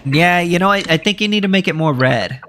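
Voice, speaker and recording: A man's voice: high voice, lively intonation, a little fast, a bit bright, faint music behind. A man hosting a casual group chat on a headset, laid-back and joking. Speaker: stream host.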